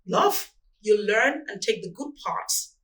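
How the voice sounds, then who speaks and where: A woman's voice: mid-range voice, normal speed, far from the mic, low-quality recording. A woman in her forties with a Nigerian accent, answering interview questions about parenting in a reflective, earnest way. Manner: earnest, animated storytelling.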